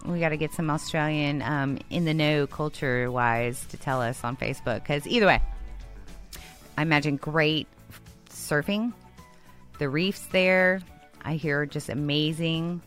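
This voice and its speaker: A woman's voice: sits low, measured pace, a bit bright, faint music behind. A woman co-hosting a casual chat, rambling and laughing often as she tells stories. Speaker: co-host.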